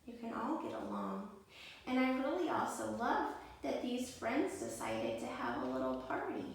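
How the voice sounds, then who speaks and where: A woman, a preschool teacher and mother, reading a story aloud to children in a gentle, expressive way, at home indoors. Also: on the high side, vocal fry, slight background noise. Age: adult, mother. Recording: echoey room, mic far off.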